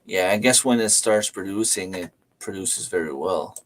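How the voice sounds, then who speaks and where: A man's voice: sits low, normal speed, a little hiss or hum. Easygoing man hosting a livestream chat. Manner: easygoing, laughs often, greets and answers viewers by name. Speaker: livestream host. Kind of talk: casual chat. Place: home, livestreaming. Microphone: desk microphone and webcam.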